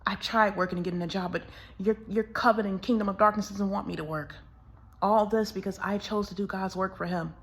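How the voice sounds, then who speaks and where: A woman's voice: mid-range voice, steady tone, brisk. A woman talking to camera in a tired, aggrieved monologue, repeating herself as she goes on. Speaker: vlogger.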